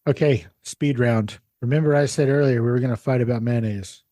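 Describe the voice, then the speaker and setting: A man with a medium-pitched, mellow voice hosts a podcast, speaking fairly quickly. He asks curious questions in a joking, easygoing way during a casual interview chat, with clean studio sound and no echo.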